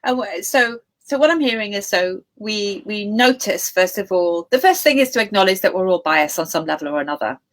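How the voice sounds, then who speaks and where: A woman's voice: mid-range voice, lively intonation, a little fast, few pauses, fairly bright tone. A woman interviewer who thinks aloud, often restarting her sentences. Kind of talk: conversational interview.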